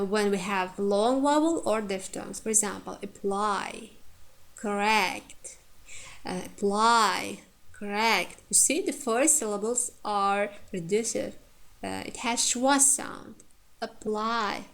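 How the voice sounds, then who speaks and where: A woman with an Uzbek accent giving a phonetics lesson, pausing often with "uh" and saying each example word twice. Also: mid-range voice. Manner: unhurried, many "uh" pauses, repeats example words. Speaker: English phonetics teacher. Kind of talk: online lecture.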